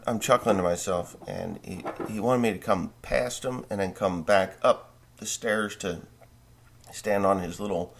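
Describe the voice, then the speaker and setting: A farmer vlogger telling a long, rambling dream story in a casual way, full of profanity and self-corrections. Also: male voice, fairly low pitch, creaky, slight background noise.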